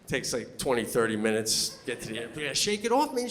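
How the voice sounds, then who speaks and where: Stand-up guy with a high bright voice, animated, does loud voices for quotes. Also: quick pace, a little hiss or hum. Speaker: stand-up comedian. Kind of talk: stand-up comedy set. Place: on stage before a laughing audience.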